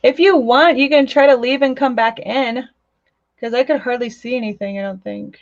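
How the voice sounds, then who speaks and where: A woman's voice: on the high side, normal speed, no echo. A chatty woman hosts a casual craft live stream from home. She reads viewer comments aloud and laughs easily. Her voice comes through a dull home mic in a dry, close space. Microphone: home microphone.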